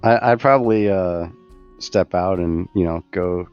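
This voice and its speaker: A man's voice: sits low, measured pace, a little mellow, smooth, lo-fi sound, faint music behind. A man playing a tabletop game, talking hesitantly. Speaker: player. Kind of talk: casual tabletop game chat.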